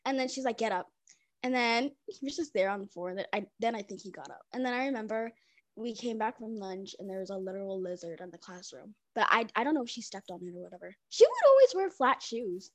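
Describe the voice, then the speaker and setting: A woman's voice: medium pitch, fast talker, no echo. A young woman telling rambling school stories in casual chat, often breaking into giggles. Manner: giggly, rambling, many fillers.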